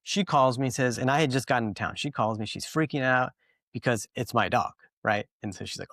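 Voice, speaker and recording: Male podcast host, casual and rambling, animated when telling stories, dry sound. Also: mid-range voice, fast talker, no room sound. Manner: rambling, filler-heavy, animated storytelling.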